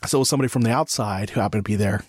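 A man's voice: on the low side, darkish tone, slightly rough, no echo, studio quality. A man hosting a casual podcast conversation, speaking reflectively and often restarting his sentences. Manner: reflective, halting with frequent restarts. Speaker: podcast host.

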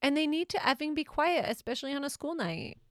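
A woman's voice: high-pitched, lively intonation, fast talker, dry recording, clean studio sound. A middle-aged woman co-hosting a podcast, telling family stories in a chatty way and laughing often. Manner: chatty storytelling, laughs often, acts out quotes. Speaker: podcast co-host, mother. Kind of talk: casual chat.

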